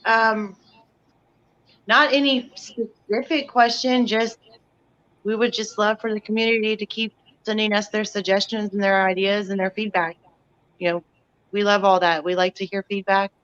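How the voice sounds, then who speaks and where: A woman's voice: mid-range voice, level tone, normal speed, fairly bright tone, muffled recording. A woman from Texas, a company guest chatting in a friendly, easygoing way on a video call. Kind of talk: casual chat on a live stream.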